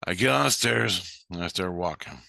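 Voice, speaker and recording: A man's voice: deep voice, lively intonation, normal speed, gravelly, pushed and bright, dry recording, studio quality. A man telling a story in a blunt, heated way, swearing constantly. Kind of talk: casual storytelling.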